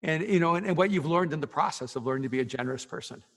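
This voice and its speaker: A man, a pastor, interviewing a guest, talking in a halting way with many restarts and murmured encouragement. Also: fairly high pitch, vocal fry, in a large hall. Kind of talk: interview conversation.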